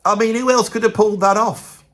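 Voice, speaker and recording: A man's voice: sits high, fairly even intonation, fairly quick, a bit bright. A man, middle-aged, counting down his favourite musicians in a chatty, rambling and emphatic way, peppered with "right". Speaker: musician and video host. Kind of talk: opinionated music countdown vlog.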